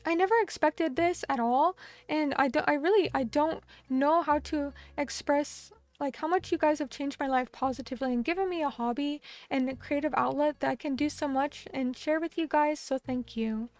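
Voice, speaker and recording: A woman's voice: sits high, normal speed, dry recording. A young adult woman chatting casually on a live stream, effusive and thankful, often tripping over her words. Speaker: vtuber streamer.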